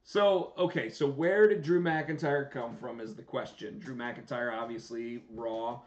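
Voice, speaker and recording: A man co-hosting a casual live-stream chat show, talking excitedly with many restarts and a rambling flow. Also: mid-range voice, measured pace. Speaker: show co-host. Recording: echoey room, dull lo-fi sound.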